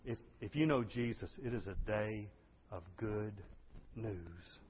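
A male pastor preaching a sermon with exuberant energy, swinging from loud bursts to hushed lines. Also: on the low side, measured pace, a little hiss or hum. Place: church sanctuary. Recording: dull lo-fi sound.

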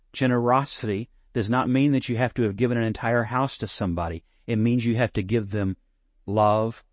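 A man preaching a sermon, earnest and close to tears, slowing down to stress his points. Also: medium pitch, darkish tone, no echo. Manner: earnest, emotional, slows down for emphasis. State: near tears. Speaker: pastor.

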